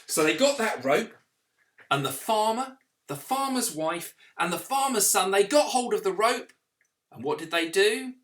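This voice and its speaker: A man telling a children's story as a vicar, in an animated way, with sound effects and questions to the listening children. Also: high-pitched, unhurried.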